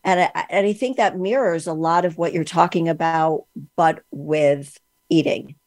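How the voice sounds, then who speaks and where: Low-voiced woman podcast host, dry sound. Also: a little slow, a little mellow, no room sound. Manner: rambling, filler-heavy questions. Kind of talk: casual interview talk.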